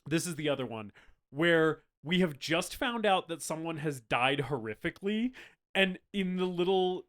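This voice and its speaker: A man with a fairly high voice co-hosts a casual movie podcast. He laughs often and slips into quick impressions of the characters as he recaps scenes. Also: lively intonation, fairly bright tone. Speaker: podcast co-host. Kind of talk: casual movie review chat.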